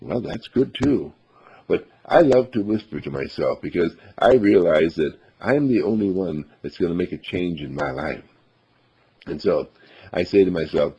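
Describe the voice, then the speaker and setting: A man's voice: sits low, big pitch swings, normal speed, gravelly, warm tone, breathy edge, muffled recording. A man giving an earnest, upbeat self-affirmation monologue as a motivational speaker, repeating his affirmations.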